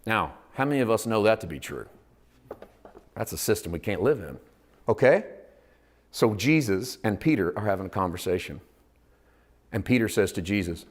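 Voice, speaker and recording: A man preaching a sermon as pastor, dropping to hushed asides, rising to loud emphatic points, and acting out quoted voices. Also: on the low side, lively intonation, normal speed, long pauses. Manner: acts out quoted voices in dialogue.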